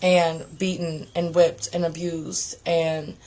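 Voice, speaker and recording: A woman sharing an emotional personal testimony, earnest and halting, often close to tears. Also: sits low, flat delivery, dark tone. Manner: earnest, halting, many restarts and fillers. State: tearful, on the verge of crying. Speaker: testimony giver.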